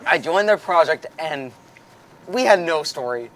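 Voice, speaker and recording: A man's voice: fairly high pitch, animated, a bit bright, slight background noise. A young man chatting as a guest among friends, joking and poking fun at himself as he tells a story. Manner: fast, joking, self-deprecating. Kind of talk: casual chat among friends.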